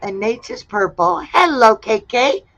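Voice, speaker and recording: A woman hosting a casual livestream, reading out viewers' answers one by one in a relaxed way. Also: on the high side, unhurried, creaky. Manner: relaxed, reads out chat replies one by one. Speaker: livestream host. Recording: dull lo-fi sound.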